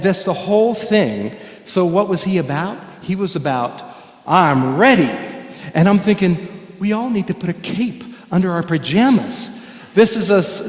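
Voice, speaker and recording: Middle-aged male guest speaker, fairly high voice, lively chuckling storyteller, church hall reverb. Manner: animated storyteller who chuckles often. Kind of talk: storytelling talk to a congregation. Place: church sanctuary. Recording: echoey hall with long reverb.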